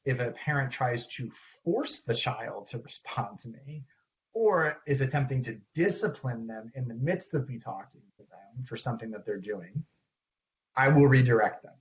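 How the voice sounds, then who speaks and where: A man's voice: mid-range voice, lively intonation, unhurried. Conversational man teaching, dull lo-fi audio. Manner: conversational, acts out what he says to parents and kids. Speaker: clinician teaching assessment. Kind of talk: recorded training talk.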